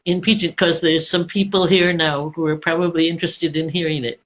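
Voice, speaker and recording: A woman's voice: sits low, level tone, a little fast, low-quality recording. A woman hosting an online live chat, prompting her guest with curious questions over a video call. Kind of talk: interview hosting.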